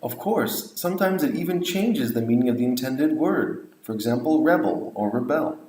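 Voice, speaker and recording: A man's voice: medium pitch, animated, normal speed, mellow. Man giving an echoey lecture. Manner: explanatory, modeling example phrases. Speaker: English teacher trainer. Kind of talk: lecture on language teaching.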